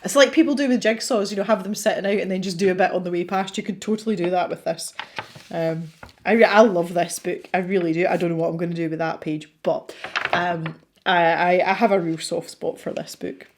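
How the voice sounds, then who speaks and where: A woman's voice: fairly low pitch, fairly even intonation, brisk, slight background noise. A Scottish woman hosting a colouring channel, chatting casually and rambling with lots of fillers as she works. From Scotland. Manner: chatty and rambling, frequent fillers and self-talk. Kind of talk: casual chat while colouring.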